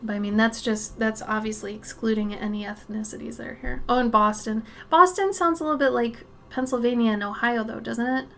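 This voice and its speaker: A woman chatting casually as she draws on a live stream, thinking aloud, answering chat and sometimes dropping to a soft murmur. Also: on the high side, brisk, vocal fry, few pauses, a little hiss or hum. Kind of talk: casual chat while drawing.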